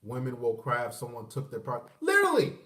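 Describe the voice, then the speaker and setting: A man's voice: medium pitch, wildly swooping pitch, brisk, bright, forceful tone. A man ranting in a profane, emphatic, combative livestream monologue. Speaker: vlogger. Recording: echoey room, far from mic.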